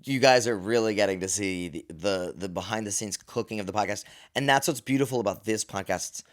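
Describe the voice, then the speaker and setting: A man co-hosting a casual podcast chat, playful and animated, with frequent stammered restarts. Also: on the low side, fairly quick. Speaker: podcast co-host.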